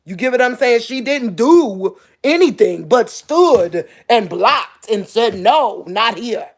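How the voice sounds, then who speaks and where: A woman preaches straight to her viewers, like an informal sermon. She pushes her voice high and hard when she wants to stress a point. At other moments she drops to a soft, emotional murmur. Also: animated, slow. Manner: repeats "real talk" and "you get what I'm saying". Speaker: online preacher. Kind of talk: informal spoken sermon to camera.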